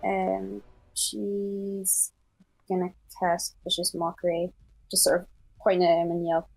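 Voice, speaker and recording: Husky, gravelly woman player. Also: fairly low pitch, completely flat delivery, takes it slowly, no room sound, rough recording. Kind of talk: casual tabletop game chat.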